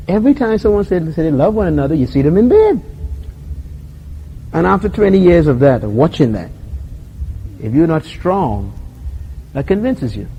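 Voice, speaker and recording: Island-accented preacher guy, fairly high voice, acts out bits and laughs, bit of hiss behind. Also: mellow, poor audio. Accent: Bahamian. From Bahamas. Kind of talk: sermon.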